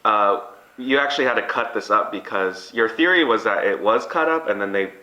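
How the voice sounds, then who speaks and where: A man with a low, bright, forceful voice hosts a casual food vlog. He is chatty and upbeat in an echoey room. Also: lively intonation, fairly quick, dull audio. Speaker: vlog host. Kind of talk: casual mukbang chat.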